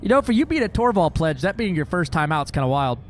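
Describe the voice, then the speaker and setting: A man's voice: fairly high pitch, sing-song, fast, faint music behind. A man streaming a space game, chatting casually with viewers in a joking, profane way. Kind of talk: casual gaming livestream chat.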